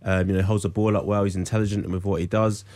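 Fast-talking man, low voice. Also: flat delivery, a little mellow. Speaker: football pundit. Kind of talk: casual sports chat.

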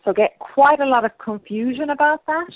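A woman's voice: sits high, normal speed, no echo. Irish woman chatting over a tinny phone line. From Ireland. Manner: hesitant, many fillers, laughs often. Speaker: guest. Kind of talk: casual chat.

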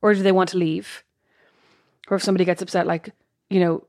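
A woman's voice: fairly low pitch, little pitch movement, brisk, a little mellow, no room sound, clean studio sound. A woman co-hosting a casual chat podcast, talking things through with lots of "like" and "you know". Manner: reflective, talks things through with many fillers. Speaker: podcast co-host.

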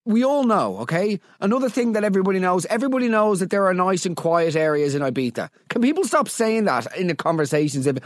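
A man's voice: high voice, very animated, fast talker, few pauses. An Irish man with a Dublin accent, hosting a comedy podcast and reading out listener stories. He rants with exasperated, sarcastic disbelief and swears freely. The sound is dry and close, with no room echo. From Ireland. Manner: exasperated, sarcastic, profane ranting. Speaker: podcast host.

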